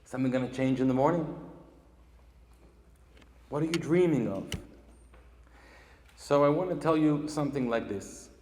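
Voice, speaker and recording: A man's voice: mid-range voice, moderate pace, long pauses, darkish tone, slight background noise. A man with an Israeli accent, a native Hebrew speaker, giving an emphatic graduation speech and putting questions to the audience. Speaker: commencement speaker. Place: large event hall. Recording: echoey hall with long reverb.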